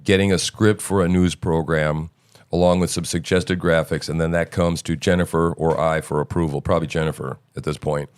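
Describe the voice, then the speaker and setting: A man's voice: low-pitched, steady tone, fairly quick, smooth. A middle-aged man hosting a casual live-stream chat, rambling loosely with many fillers and restarts. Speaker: show host.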